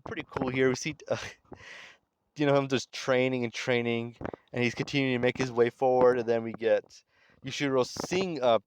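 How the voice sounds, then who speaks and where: A man casually recapping a comic story in relaxed, conversational commentary. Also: medium pitch, moderate pace, noisy background. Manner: relaxed, conversational, reads characters' lines aloud in his own voice. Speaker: manga recap channel host.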